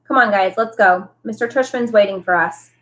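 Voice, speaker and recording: A woman reading aloud, voicing a calm, steady middle-school boy. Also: mid-range voice, a little fast, close to an everyday voice. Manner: calm, level.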